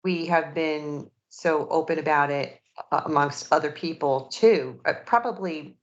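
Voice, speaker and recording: A woman podcast host in relaxed, casual interview chat, giving frequent mm-hmms. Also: sits low, unhurried. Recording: dull lo-fi audio.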